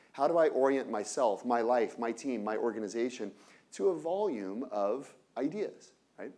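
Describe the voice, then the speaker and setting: A man with a medium-pitched voice gives an energetic lecture on innovation to an audience. He keeps throwing in rhetorical questions like "right?", drifts into quick asides, and corrects himself as he goes.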